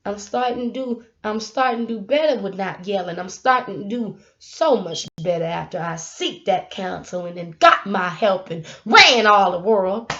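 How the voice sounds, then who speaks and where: A young woman, giving a casual motivational talk to her camera, animated and laughing, with sudden loud bursts. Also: mid-range voice, moderate pace, few pauses. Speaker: YouTube vlogger. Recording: dull lo-fi sound.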